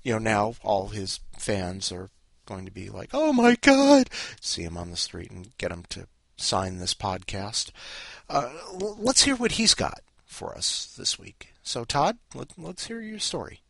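Male podcast host, husky and low, meandering wry delivery, dry close sound. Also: animated, measured pace, fairly bright tone, dry recording. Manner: meandering, self-interrupting, wry asides. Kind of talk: rambling casual chat.

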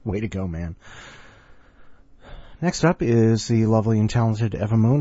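Slow, joking podcast host, husky man. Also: sits low, lively intonation, mellow, no echo, muffled recording. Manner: jokey, rambling. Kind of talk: casual podcast hosting.

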